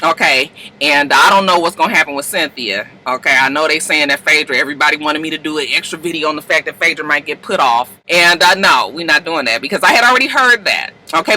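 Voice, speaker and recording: Woman vlogger, very bright and sharp-toned, brash and wired on coffee, rambling recap with sudden squeals. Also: expressive, fast talker, hardly any pauses, poor audio. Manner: chatty and brash, swears freely, jumps to high-pitched outbursts. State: wired on coffee, talking fast. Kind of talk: casual rambling commentary.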